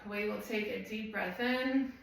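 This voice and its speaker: A woman's voice: medium pitch, steady tone, measured pace, vocal fry. A woman fitness trainer leading a live home workout, chatting and rambling while she counts reps. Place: room at home. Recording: echoey room, voice from far off.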